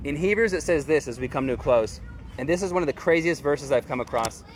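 Earnest slightly high-voiced man preaching. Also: animated, fast talker. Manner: earnest, conversational preaching with casual slang. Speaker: pastor. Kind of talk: sermon.

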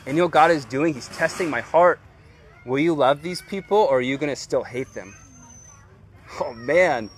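A man's voice: fairly high pitch, moderate pace, breathy edge. A man preaching a sermon as pastor, earnest and conversational, with casual slang.

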